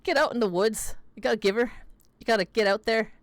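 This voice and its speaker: A woman's voice: on the high side, no room sound, pitched above the performer's own voice, natural voice. A woman putting on an exaggerated rural Canadian accent, playing a jovial folksy local. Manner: folksy, drawn-out, tags lines with "eh".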